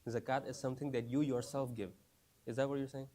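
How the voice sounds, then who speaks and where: A man's voice: mid-range voice, level tone, fast talker, mellow. A man teaching a class for new Muslims in a casual, conversational way. He often repeats phrases and keeps asking the class questions. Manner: repeats phrases, frequent "right?" and "you understand?".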